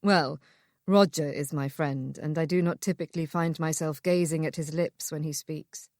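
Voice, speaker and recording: A woman voicing a charming young gentleman with a deep voice and a dry, playful way of talking, in an audiobook. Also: steady tone, moderate pace, no room sound, lightly acted. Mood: teasing.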